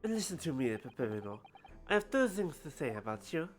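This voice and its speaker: A woman's voice: sits low, very animated, a little fast, faint music behind. A woman voicing a pompous young French nobleman with a put-on French accent, reading game dialogue aloud. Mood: stern.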